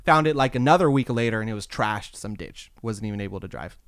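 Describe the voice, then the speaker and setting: Fairly low-pitched yet fairly bright, this man's clear, resonant voice is animated and fast as he rambles through stories of old overnight jobs in casual chat. He stays laid-back, quoting exclamations, and the studio recording has no echo.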